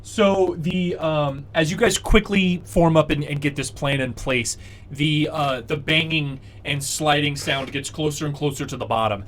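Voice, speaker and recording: Slightly high-voiced dungeon master explaining rules. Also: male voice, fairly even intonation, measured pace, fairly bright tone, slight background noise. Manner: patient explaining with many fillers. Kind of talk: narrating a tabletop game.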